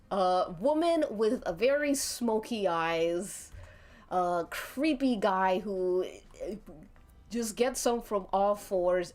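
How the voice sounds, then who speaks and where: A woman's voice: mid-range voice, a little mellow. A woman narrating a tabletop game as game master on a live stream, chatty and laughing often. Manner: giggly, chatty.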